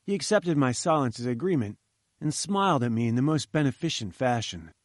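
A man reading a novel aloud as narrator, in a measured, plain storytelling manner. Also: mid-range voice, lively intonation, no echo, clean studio sound. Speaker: audiobook narrator.

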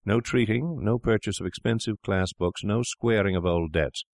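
A man's voice: on the low side, normal speed, no room sound, studio quality, pitched above the performer's own voice. A man voicing a scheming young doctor. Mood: smooth. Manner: smooth, coaxing, insistent.

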